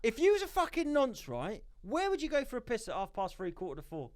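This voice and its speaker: Man, sweary ranting, conspiratorial, lively up-and-down pitch, podcast co-host. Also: brisk. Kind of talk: casual comedic chat. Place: podcast studio.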